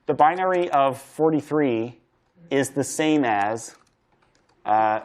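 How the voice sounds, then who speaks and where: A man's voice: medium pitch, lively intonation, slow. A man giving a university programming lecture, thinking aloud as he codes, casual and chatty with frequent fillers and restarts. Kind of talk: live-coding lecture.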